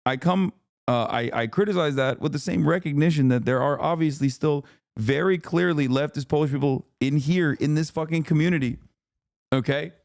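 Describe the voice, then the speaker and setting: A man's voice: on the high side, moderate pace, gravelly, a little mellow, dry recording, clean studio sound. A man hosting a casual livestream, talking back to his chat in a profane, ranting way and laughing often. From lives in California. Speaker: livestream host.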